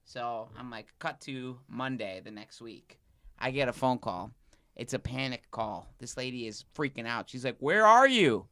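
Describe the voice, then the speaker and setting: A man's voice: medium pitch, fairly even intonation, normal speed, a bit bright. A male comedian on a podcast, telling a story in a loose, rambling way full of restarts and fillers. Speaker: comedian guest.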